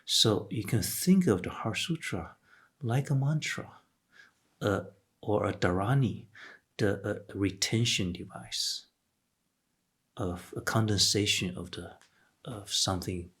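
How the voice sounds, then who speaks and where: A man's voice: fairly low pitch, slow pace, long pauses, fairly bright tone, husky. A man giving a patient, explanatory Buddhist lecture, often restarting and saying "okay" between points. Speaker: Buddhist teacher. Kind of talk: Dharma lecture.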